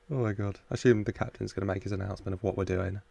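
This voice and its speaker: A man's voice: fairly low pitch, gravelly, mellow, no room sound. A man hosting a reaction video, chatting casually, laughing often and talking back to the screen.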